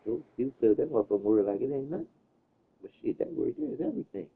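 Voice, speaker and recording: A man's voice: medium pitch, huge pitch swings, quick pace, creaky, slightly rough. A man chatting casually, telling stories in a loose, slangy way, with plenty of cursing. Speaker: host. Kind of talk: casual chat. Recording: tinny phone-like sound.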